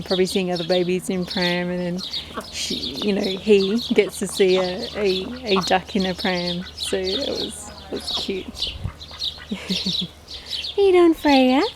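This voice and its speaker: A woman's voice: on the low side, background noise. A woman chatting casually to camera about her poultry in a backyard, talking to her birds as she goes. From Australia. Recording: outdoor recording with loud birdsong.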